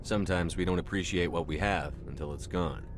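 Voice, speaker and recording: A man playing a steady human starship commander in a video game. His voice is low. He asks questions in a calm, measured way. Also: over music, natural voice.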